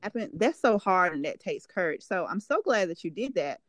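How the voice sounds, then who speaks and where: A woman's voice: fairly low pitch, big pitch swings, fairly quick, no room sound. A woman hosting a faith podcast, affirming and encouraging her guest in casual talk. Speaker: podcast host.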